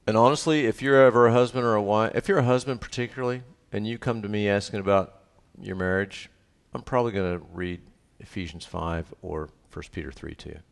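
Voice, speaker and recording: A low-voiced man leads a sermon as pastor, chatty and animated, keeping the congregation in the conversation. His voice carries a long reverb from the church hall around him. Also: fairly quick, creaky, hardly any pauses. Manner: lively, conversational preaching with frequent "right?" asides.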